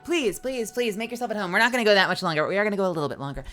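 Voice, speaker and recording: A woman's voice: mid-range voice, very fast, soft background music. A woman streamer and voice actor chatting casually and playfully with her viewers while sleepy and yawning. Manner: playful and animated, greets viewers. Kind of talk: casual live-stream chat.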